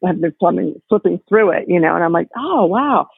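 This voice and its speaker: A woman's voice: on the low side, fairly even intonation, quick pace, gravelly, slightly rough, no room sound. A woman guesting on a podcast over a call, chatting casually and easily. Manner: chatty, laughing. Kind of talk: casual conversation. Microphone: remote call. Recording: tinny phone line call.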